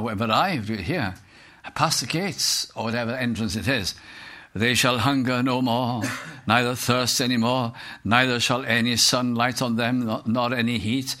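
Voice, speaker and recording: An older British man preaching an earnest sermon, reciting hymn verses slowly. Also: mid-range voice, bright, forceful tone.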